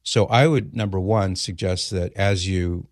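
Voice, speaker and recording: Male radio host, low voice, dry close studio mic, measured explanatory delivery. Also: no echo. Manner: playful, then calm explanatory. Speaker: radio talk show host. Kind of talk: call-in radio talk. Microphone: studio microphone.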